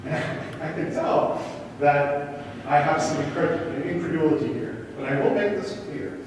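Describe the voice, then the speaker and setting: A man presents at a conference, his fairly high voice ringing through a large, echoey hall. He was recorded from a distance and keeps throwing questions to the crowd in an animated way. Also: measured pace, noisy background. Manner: questions the audience, rhetorical and animated. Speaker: conference speaker.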